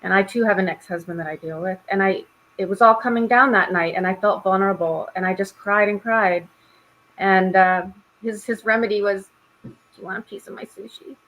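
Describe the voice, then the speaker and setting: A woman's voice: mid-range voice, normal speed, a bit bright, low-quality recording. A middle-aged woman, a mindset and spiritual coach, telling a candid story on a video call panel. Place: home in Florida.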